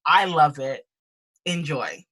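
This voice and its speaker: A woman's voice: low-pitched, lively intonation, slow pace, a bit bright. A young woman, a musician presenting her new single, chatting casually with lots of "like" and "um" on a video call from home. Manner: chatty, leans on "like" and "um". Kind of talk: casual chat in a virtual concert.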